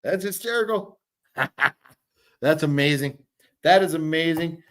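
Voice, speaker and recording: In a hotel room, a man in his fifties hosts a casual livestream, rambling and swearing as he reads chat comments. He takes it slowly, with a fairly bright voice on the high side.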